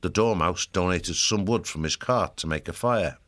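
A man narrates a storybook in a steady, measured way. His voice sits very low. He carries the story calmly from scene to scene.

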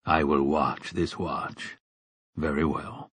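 A man voicing a weary, laconic gunslinger who speaks low and quietly in old-fashioned words, his voice hoarse and trembling. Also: fairly even intonation, slow, dry recording, heavily acted. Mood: hushed, grave. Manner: low, quiet, archaic speech. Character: weary aging male gunslinger, grave and laconic.

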